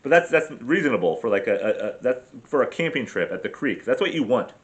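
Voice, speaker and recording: A man's voice: mid-range voice, very animated, a little fast, highs cut off. A man rambling through a casual travel vlog, swearing freely and telling self-deprecating stories about his camping trip with his family. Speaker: vlogger.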